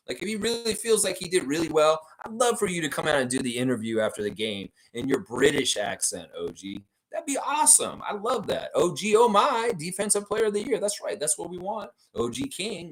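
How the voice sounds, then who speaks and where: A man hosting a fan live stream, reading viewers' comments aloud and riffing on them in a playful, animated way, often repeating short phrases for emphasis. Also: mid-range voice. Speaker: fan show host reading live chat. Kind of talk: casual live-stream chat.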